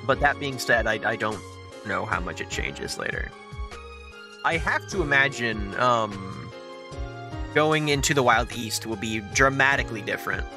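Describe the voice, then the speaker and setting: A man's voice: mid-range voice, lively intonation, a little slow. A man streaming a video game live, chatting and joking as he reads game text aloud. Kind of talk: live gameplay commentary. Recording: game music behind the voice.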